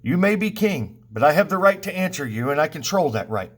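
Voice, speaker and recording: A teacher reading a stern blind old prophet. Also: male voice, on the high side, very animated, a little fast. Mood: grave. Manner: grave, warning reading. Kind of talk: reading a play aloud.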